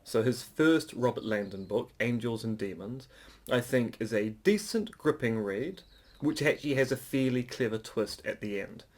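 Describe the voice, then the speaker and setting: A man co-hosting a casual podcast, dry and sardonic, reading news items briskly. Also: medium pitch, a little mellow. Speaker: podcast co-host.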